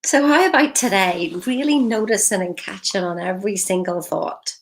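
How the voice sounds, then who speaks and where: Brief: woman, motivational live-stream speaker, upbeat and encouraging, laughs often, mid-range pitch. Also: moderate pace, rough recording. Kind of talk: motivational talk.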